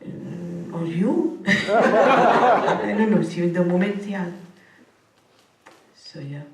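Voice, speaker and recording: A woman's voice: lowish voice, measured pace, creaky, noisy background. A woman gives a spiritual talk, chatty and playful, laughing often and repeating words rhythmically. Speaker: spiritual teacher. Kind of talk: spiritual discourse with humor. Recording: echoey hall, mic at a distance.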